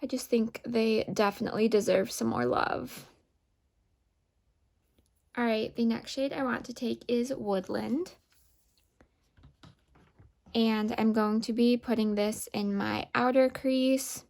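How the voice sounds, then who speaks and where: A woman beauty vlogger narrating a makeup tutorial, calmly explaining each step. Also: on the high side, slow pace, creaky, pauses often.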